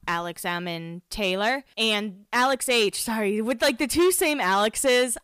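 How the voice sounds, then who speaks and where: A chatty woman hosts a casual recap show, talking loosely with plenty of "like" fillers. Her voice is smooth and resonant. The recording is close and dry, with no room sound. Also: medium pitch, a bit bright, no echo. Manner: chatty, lots of "like" fillers, self-deprecating. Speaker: podcast host recapping a reality show. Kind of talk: casual chat.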